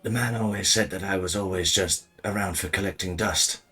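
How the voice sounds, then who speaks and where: Timid tiny gerbil creature in a tabletop game, quiet halting words, deep voice, done by a man. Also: steady tone, husky, distant mic, soft background music, heavily acted. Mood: shy.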